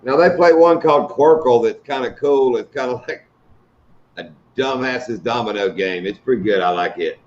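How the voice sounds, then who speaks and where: A man's voice: mid-range voice, normal speed, a little hiss or hum. Middle-aged guy shooting the breeze on a fishing stream, joking around, kinda lo-fi sound. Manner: joking storyteller, laughs at his own stories. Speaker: host of a fishing channel live stream. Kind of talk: casual live-stream chat.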